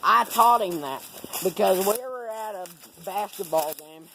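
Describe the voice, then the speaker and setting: A man's voice: high voice, a little slow, gravelly, pushed and bright. A young man, the cameraman, telling rambling, profane, joking stories outdoors on a camera mic. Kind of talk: casual rambling storytelling. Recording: noisy outdoor camera audio.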